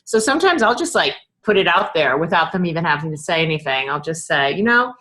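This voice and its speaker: A woman's voice: low-pitched, very animated, fast talker, bright, forceful tone. A woman in her thirties coaching her sales team in a casual, chatty way, acting out bits of customer dialogue. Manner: chatty, lots of fillers, acts out customer dialogue.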